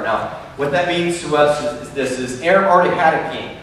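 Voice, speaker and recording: Preacher in a big echoing church hall. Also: male voice, fairly high pitch, brisk, fairly bright tone, slight background noise. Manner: earnest, conversational preaching with repetitions. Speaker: pastor. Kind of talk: sermon. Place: church sanctuary. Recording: echoey hall from far off.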